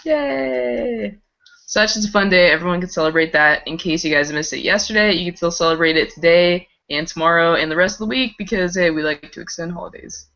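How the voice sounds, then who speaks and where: A woman's voice: lowish voice, quick pace, hardly any pauses, a bit bright. A woman co-hosting a casual live-streamed chat, giggling as she shares fun facts. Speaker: podcast co-host. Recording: dull lo-fi stream audio.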